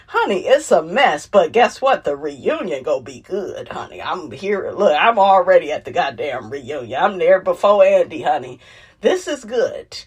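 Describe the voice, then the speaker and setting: A woman's voice: on the low side, unhurried, husky. A young adult woman, chatting casually and sassily about a reality show, laughing and acting out the people she quotes. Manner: animated, sassy, quotes cast members in voices, laughs often. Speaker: reality TV recap commentator. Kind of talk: casual chat.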